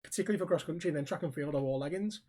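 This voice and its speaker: A man co-hosting a podcast, telling a story in casual chat, animated and swearing freely. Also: on the high side, very fast. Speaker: podcast co-host.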